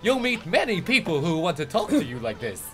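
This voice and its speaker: Man voicing a bright, smug pint-sized sidekick; bouncy read. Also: high-pitched, huge pitch swings, brisk, soft background music, exaggerated voice. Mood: teasing.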